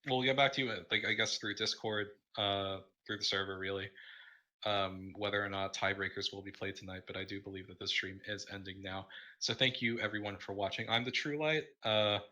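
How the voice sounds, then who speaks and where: A man casting a gaming tournament stream, tired and halting, with many fillers as he wraps up. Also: fairly low pitch, steady tone, sharp tone. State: tired, yawning. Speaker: tournament caster. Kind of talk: casual livestream wrap-up.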